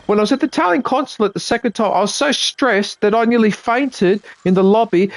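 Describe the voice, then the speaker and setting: An Australian livestreamer with a mid-range voice rants casually, exasperated and swearing freely, repeatedly checking in with "right?" The recording has no room sound.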